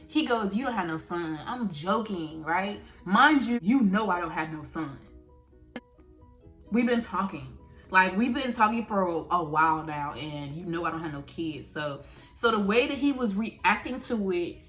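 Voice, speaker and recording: A young woman telling a casual story to camera, animated, swearing freely and jumping between laughs and outrage. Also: mid-range voice. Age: young adult. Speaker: vlogger.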